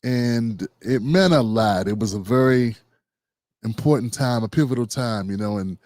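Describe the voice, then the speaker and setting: A man's voice: mid-range voice, a little mellow, dry recording. Reflective man in his fifties, dry sound. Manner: reflective, conversational, frequent pauses. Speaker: podcast co-host. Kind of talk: panel discussion.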